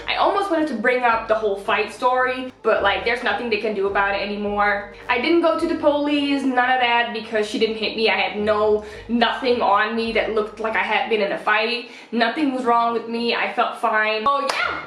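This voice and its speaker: A woman's voice: fairly high pitch, normal speed, few pauses. A woman in her twenties from the Netherlands, telling a story in a casual vlog and acting out the quotes. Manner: animated storyteller, acts out quotes with laughs. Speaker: vlogger. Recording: roomy echo.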